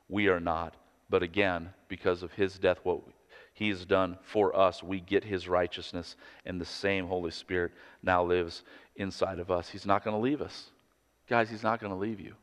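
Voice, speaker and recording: A man in his thirties, a pastor delivering an earnest, conversational sermon full of personal stories. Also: deep voice. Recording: long hall reverb.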